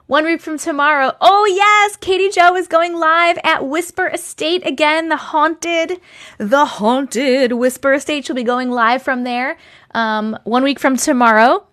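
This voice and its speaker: A fairly high-voiced woman in her thirties, chatting casually on a livestream from home. She greets viewers one by one with a bright, rising lilt and drifts into loose, rambling catch-up talk. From Long Island, New York. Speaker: TikTok live host.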